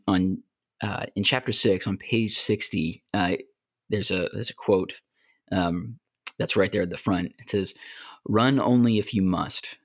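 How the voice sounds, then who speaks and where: A man's voice: low-pitched, no room sound, clean studio sound. A man co-hosting a podcast, talking earnestly and reflectively with many fillers. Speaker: podcast co-host. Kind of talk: casual discussion.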